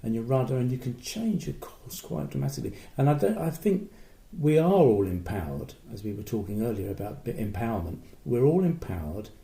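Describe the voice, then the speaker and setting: A man's voice: mid-range voice, lively intonation, a little fast, creaky, few pauses, warm tone. A man co-hosting a podcast, musing and rambling in casual chat, recorded in a roomy space. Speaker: podcast co-host.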